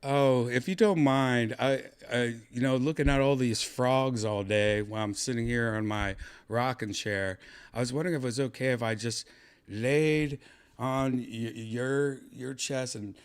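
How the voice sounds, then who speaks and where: A man hosting a podcast, joking around with an AI voice in rambling, halting casual talk full of fillers. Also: mid-range voice, clean tone. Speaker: podcast host.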